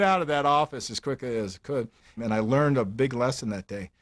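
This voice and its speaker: An older man, a former player, recounting his memories in an interview with animated, halting delivery and many fillers. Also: mid-range voice. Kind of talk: interview storytelling.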